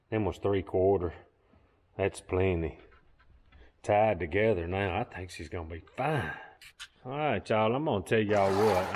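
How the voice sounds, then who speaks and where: A man with a Southern US accent talking casually to viewers while building something, folksy and chatty, a bit out of breath. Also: fairly low pitch. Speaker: vlogger. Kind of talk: casual DIY vlog talk.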